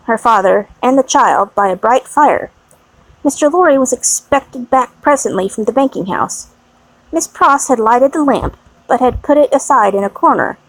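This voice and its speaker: A woman narrating an audiobook in a measured, expressive reading. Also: on the high side, no room sound, low-quality recording.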